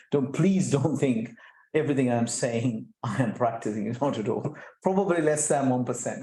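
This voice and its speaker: A middle-aged man speaking as a guest, animated, often restarting and repeating words and putting rhetorical questions to the audience. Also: medium pitch. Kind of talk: conversational talk at an online chapter event. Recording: echoey room sound.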